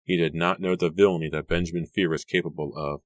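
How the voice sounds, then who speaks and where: A man's voice: sits low, fairly even intonation, fast, no room sound, lightly acted. A man reading aloud and voicing an earnest young man, speaking with grave intensity. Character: earnest young man seeking to end a feud.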